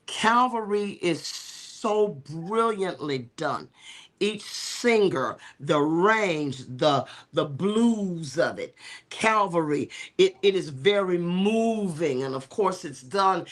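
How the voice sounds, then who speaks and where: A middle-aged woman who is a bishop and co-host, telling stories in a talk show discussion in an animated, preacherly way with many fillers. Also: on the low side, slow pace.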